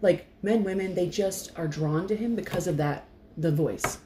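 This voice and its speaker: A woman's voice: lowish voice, moderate pace. A woman with an Irish accent co-hosting a podcast in casual chat, rambling with restarts and laughing often. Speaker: podcast co-host. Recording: echoey room with faint noise.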